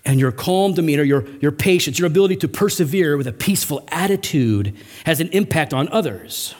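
A middle-aged man preaching a sermon as pastor, with animated, emphatic rising runs. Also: a little high, a little fast. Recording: long hall reverb.

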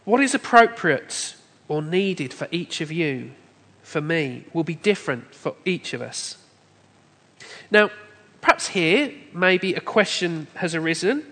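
Man, preacher, sermon, emphatic, measured, higher voice, long church reverb. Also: big pitch swings, bright, forceful tone. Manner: measured, emphatic, builds points through lists. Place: church hall.

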